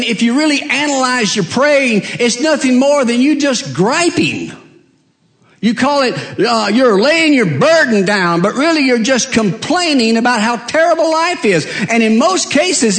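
Animated preacher man, lively pitch. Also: unhurried. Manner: storytelling with acted-out dialogue and humor; swings between soft low asides and raised emphatic cries. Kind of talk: sermon.

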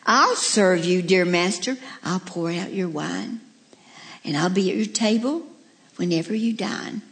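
A woman's voice: lowish voice, unhurried, a bit bright. A woman voicing a graceful silver urn in a sermon poem, pleading to serve its master.

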